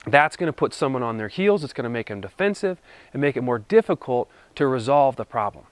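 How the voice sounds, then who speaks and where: A man speaking as a marriage counselor, giving calm, measured advice straight to the listener. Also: mid-range voice, dry recording. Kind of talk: scripted talk-to-camera advice.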